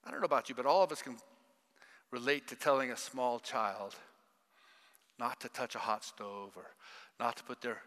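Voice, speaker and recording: An older man preaching a sermon, emphatic and animated, questioning the congregation. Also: mid-range voice, normal speed, long pauses. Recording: long hall reverb.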